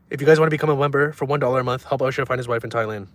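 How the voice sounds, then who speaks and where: Deadpan young man trolling his livestream chat. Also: medium pitch. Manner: reads chat aloud and answers in a deadpan, trolling way. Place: in a car.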